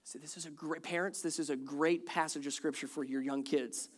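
A pastor preaching a sermon, telling scripture stories in a lively way and joking with the listeners. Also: medium pitch, brisk. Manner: animated storytelling, acts out quoted complaints; jokes with the congregation.

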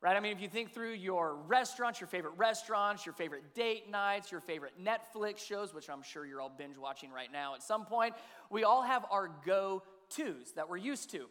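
High-voiced conversational male pastor. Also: expressive, normal speed, fairly bright tone, long reverb tail. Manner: conversational, asks the audience questions. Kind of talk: sermon.

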